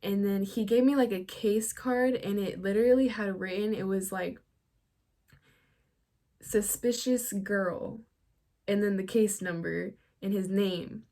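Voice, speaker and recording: A woman's voice: medium pitch, fairly even intonation, normal speed, hardly any pauses, dark tone. A teenage girl telling a story to her vlog audience in a casual, chatty way, filling her sentences with "like" and laughing often. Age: teens. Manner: chatty, fills every phrase with "like". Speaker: vlogger.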